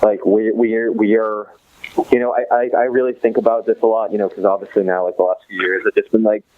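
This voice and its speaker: A man in his thirties, a podcast guest in casual interview chat, rambling with many fillers and restarts and swinging between excited and somber. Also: fairly low pitch, fast talker, noisy background. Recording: dull lo-fi dry recording.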